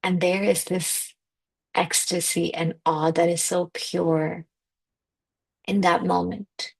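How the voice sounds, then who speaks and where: A woman's voice: lowish voice, flat delivery, slow pace, creaky, slightly rough. Emphatic woman giving a spiritual pep talk. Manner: emphatic, conversational, peppered with "like". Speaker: manifestation coach.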